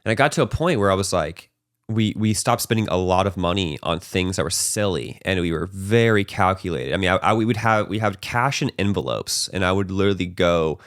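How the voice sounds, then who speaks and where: This podcast host has a low-sitting voice and speaks fairly quickly, recorded dry with clean studio sound. He tells a personal story in loose, casual talk, peppering it with "like," "bro," and a habitual "right?" at the end of sentences. He gets animated, acting out his own past panic.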